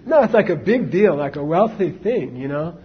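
Male teacher, husky, chatty storyteller with asides, dull recording. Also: on the high side, big pitch swings, normal speed. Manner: conversational, many fillers and asides to the audience. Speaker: Buddhist teacher. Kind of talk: casual dharma talk, storytelling.

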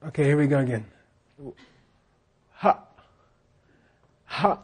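A slow, expressive, slightly rough voice, pitched a little high, belongs to a man teaching a scripture class. He has the students repeat lines after him and keeps checking in with them.

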